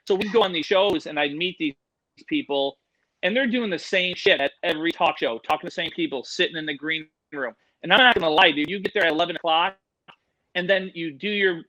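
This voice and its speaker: A middle-aged man, a guest on a casual podcast, telling loud, profane, animated stories. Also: a little high, no echo, rough recording. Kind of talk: casual storytelling chat.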